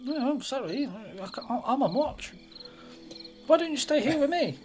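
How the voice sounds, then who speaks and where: A woman's voice: high-pitched, expressive, normal speed, a little mellow, soft background music. A woman role-playing her character in a tabletop game, with plummy, polite talk full of stammered restarts. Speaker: player. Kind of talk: in-character roleplay.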